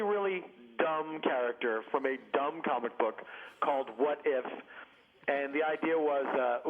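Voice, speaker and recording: A comedian phoning in, rambling and self-mocking, often laughing at his own jokes. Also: on the high side. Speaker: comedian guest. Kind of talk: phoned-in comedy chat. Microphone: phone. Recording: muffled echoey phone line with noise.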